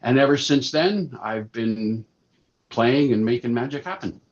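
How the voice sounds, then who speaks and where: A man's voice: mid-range voice, measured pace. Chatty older man telling stories. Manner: chatty, animated anecdotes. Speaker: puppeteer and actor, podcast guest. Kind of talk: casual interview storytelling. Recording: slightly dull lo-fi sound.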